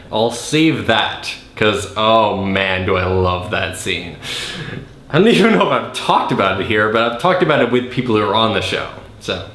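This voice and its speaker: A sarcastic man riffs casually on a bad horror movie as a podcast host. His voice sits at a middle pitch. The room around him gives a roomy echo. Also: fairly bright tone. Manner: sarcastic, acts out scenes in silly voices. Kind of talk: casual comedic movie critique.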